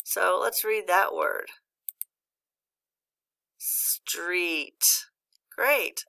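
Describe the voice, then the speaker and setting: Slow, gravelly-voiced woman phonics teacher. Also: on the low side, animated, pushed and bright. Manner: patient, encouraging, pauses for student answers. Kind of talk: recorded phonics lesson.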